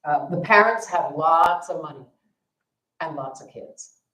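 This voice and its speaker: A woman's voice: low voice, measured pace, pushed and bright. A woman dharma teacher telling a story at a family service, casual and self-deprecating, with fillers. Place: temple hall. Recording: echoey temple hall.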